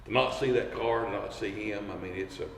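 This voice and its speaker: A man's voice: fairly low pitch, a little fast, recorded from a distance, slight background noise. Man telling stories in an echoey hall. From East Tennessee. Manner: rambling, many restarts, laughing asides. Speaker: firefighter. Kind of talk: casual storytelling. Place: fire station garage.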